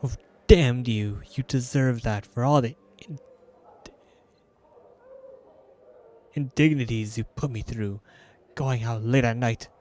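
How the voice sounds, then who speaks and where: A man voicing a timid, gentle young woman from a video game, reading her lines in a raised, hesitant, girlish voice. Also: animated, brisk, lightly acted. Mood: scolding. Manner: hesitant, apologetic, put-on high girlish voice. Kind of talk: reading game dialogue aloud in character.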